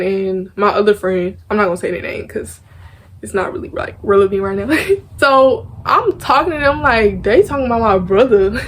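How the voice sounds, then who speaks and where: A young woman, chatting casually as she tells a storytime vlog, animated and laughing often. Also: mid-range voice. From Arkansas, US. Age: young adult. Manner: animated, laughs often, acts out quoted lines. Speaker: vlogger.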